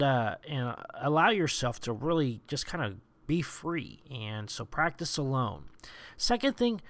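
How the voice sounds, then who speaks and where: A man with a gravelly edge talks off the cuff as a show host, filling his sentences with "you know" and "uh". His voice sits at an ordinary middle pitch. The sound is close and dry. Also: a bit bright, dry recording. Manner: chatty, rambling, with frequent "you know" and "uh". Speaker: podcast host giving roleplaying tips. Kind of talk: casual tips monologue.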